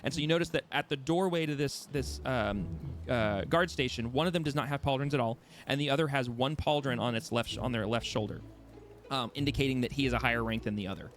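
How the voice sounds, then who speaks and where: A man's voice: mid-range voice, fast, a little hiss or hum. Hesitant man narrating as game master. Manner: hesitant, many ums and restarts, descriptive.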